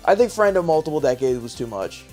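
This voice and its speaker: A woman from Australia co-hosting a live game stream, chatty and quick to laugh as she explains herself. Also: deep voice, animated, a little mellow, soft background music. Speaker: streamer co-host. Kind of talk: casual live-stream chat.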